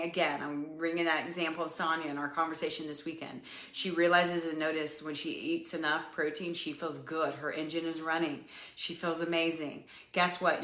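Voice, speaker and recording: A woman's voice: low-pitched, sharp tone, roomy sound. A woman hosting a fitness podcast, coaching listeners in a casual, chatty way with lots of ums and "you guys.".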